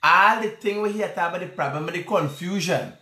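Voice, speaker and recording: A man's voice: high-pitched, fairly quick, pushed and bright, echoey room. A man speaking Guyanese Creole, joking and rambling in casual political commentary, addressing the listener directly.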